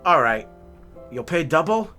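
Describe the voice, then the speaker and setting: A man's voice: fairly high pitch, big pitch swings, unhurried, bright, forceful tone, faint music behind, full character voice. A man voicing a generous tree lot attendant who talks in an easygoing, folksy way. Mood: kind.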